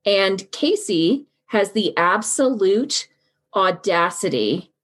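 Speaking slowly in a medium-pitched, expressive voice with a fairly bright tone, this true crime podcast host recounts events in a casual, outspoken style. She swears, gives blunt opinions, and acts out what people said.

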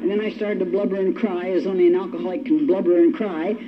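A woman's voice: lowish voice, fairly even intonation, quick pace. An older woman giving a personal testimony at a recovery meeting, telling her story in a wry, self-mocking way. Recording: dull lo-fi recording with faint hiss.

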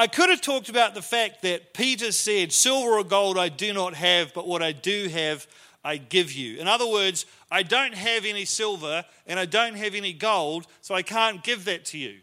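Bright-voiced pastor telling a story. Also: male voice, sits high. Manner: storytelling, conversational and self-deprecating. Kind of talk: sermon. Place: church.

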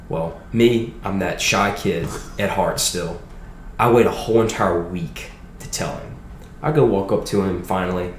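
Low-voiced young man telling a story. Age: young adult. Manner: animated, quick storytelling with acted quotes. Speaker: podcast guest. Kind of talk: personal testimony storytelling. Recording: roomy room echo with faint noise.

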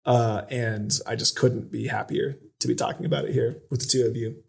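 A man's voice: mid-range voice, steady tone, a little fast, creaky. A man co-hosting a casual podcast chat, enthusiastic and rambling with lots of fillers. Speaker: podcast co-host.

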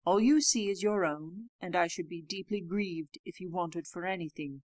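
A woman reading aloud voices a gentle, melancholy male beast in a storybook, speaking humbly and with awkward politeness in a gruff voice. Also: on the low side, normal speed, dry recording, natural voice. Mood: courteous.

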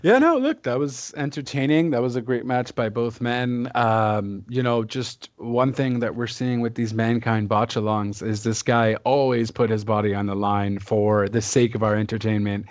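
A man's voice: mid-range voice, flat delivery, moderate pace, few pauses, dry recording. A man from Canada co-hosting a casual wrestling watch-along podcast, joking and laughing often. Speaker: podcast co-host.

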